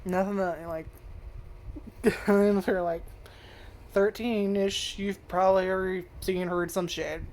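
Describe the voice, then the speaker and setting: A woman's voice: mid-range voice, steady tone, slow, pauses often, darkish tone. A woman reviewing an anime casually, rambling, swearing a lot and laughing often. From United States.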